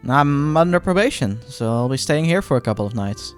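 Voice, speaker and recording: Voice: mid-range voice, animated, brisk, faint music behind. A player reading the main character's lines of a visual novel aloud with friends, with upbeat, reassuring line reading.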